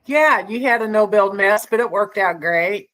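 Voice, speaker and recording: A woman's voice: mid-range voice, normal speed, a bit bright. A woman co-hosting a casual livestream, chatting with viewers in a rambling way and laughing often. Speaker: livestream co-host.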